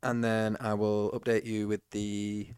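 A man's voice: lowish voice, flat delivery, unhurried, darkish tone, smooth, no echo, studio quality. A man co-hosting a podcast, chatting casually with jokes and frequent laughs. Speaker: podcast co-host. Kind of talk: casual commentary chat.

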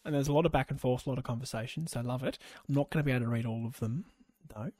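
A man co-hosting a casual football podcast, relaxed and trailing off softly at the ends of lines. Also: medium pitch, rapid-fire, no room sound, clean studio sound. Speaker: podcast co-host. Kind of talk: casual sports chat.

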